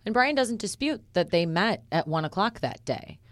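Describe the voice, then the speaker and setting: A woman reporter co-hosting a true-crime podcast, laying out facts in a measured, methodical way. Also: mid-range voice, lively intonation, dry recording. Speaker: reporter and co-host.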